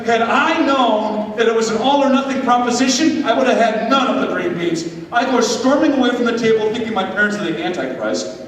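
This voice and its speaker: A man telling a story at a confirmation retreat, animated and speaking straight to his listeners. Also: very high-pitched, a little fast. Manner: animated, addresses listeners directly. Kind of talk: storytelling talk. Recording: echoey hall from far off with faint noise.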